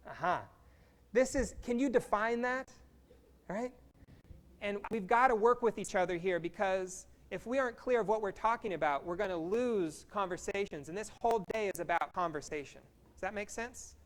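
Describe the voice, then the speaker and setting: A workshop facilitator from Kansas leads a live group icebreaker in an energetic, playful way, speaking slowly for the room in a mid-range voice.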